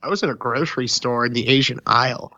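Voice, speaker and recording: A man's voice: medium pitch, fast, bright, forceful tone, dry recording, muffled recording. A man co-hosting a podcast, chatting in a laid-back, joking way. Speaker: podcast co-host. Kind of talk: casual chat.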